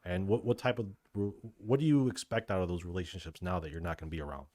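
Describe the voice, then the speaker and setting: Male podcast host, very low voice, relaxed interviewer, dry mic. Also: fast talker, dry recording. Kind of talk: casual interview questions.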